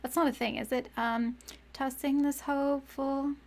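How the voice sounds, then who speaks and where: On a casual live stream, a young woman thinks aloud while writing song lyrics, repeating phrases, often laughing and trailing off mid-thought as she searches for words. Her high voice is a little mellow, with a level tone at normal speed.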